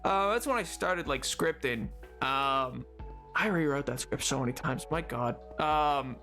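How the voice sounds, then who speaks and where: A man streaming live, chatting casually in a rambling, excitable way full of fillers and restarts. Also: mid-range voice, measured pace, soft background music.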